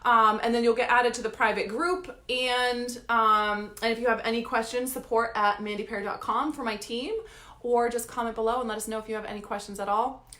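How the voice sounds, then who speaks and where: Woman coach, brisk and fairly high, blunt and emphatic, echoey room. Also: little pitch movement, sharp tone. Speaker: life coach. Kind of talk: motivational talk to camera.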